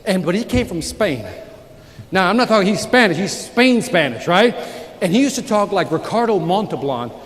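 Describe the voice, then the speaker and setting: A man's voice: high-pitched, moderate pace. A man giving a motivational keynote speech in a large conference hall, telling stories with energy and calling out to the audience. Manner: energetic, animated storytelling with audience call-outs. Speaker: keynote speaker. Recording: echoey hall with live audience.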